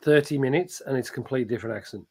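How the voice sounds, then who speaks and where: A man's voice: mid-range voice, racing, mellow, husky. A man from England with an English accent tinged with Australian, hosting a casual chat and rambling through frequent restarts. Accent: English, with some Australian.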